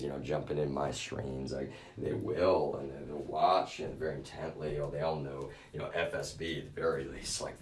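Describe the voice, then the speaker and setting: A man's voice: extremely low pitch, a little mellow, distant mic, slight background noise. A man streaming live, rambling in an agitated, profane way and leaning on "you know" and "y'all". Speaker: livestreamer. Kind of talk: rambling livestream monologue. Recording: echoey room, voice away from the mic.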